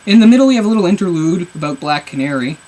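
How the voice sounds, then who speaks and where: A man's voice: high-pitched, animated, rapid-fire, darkish tone, poor audio. A man reviewing a comic book on camera, rambling in an exasperated, sarcastic way. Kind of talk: casual video review.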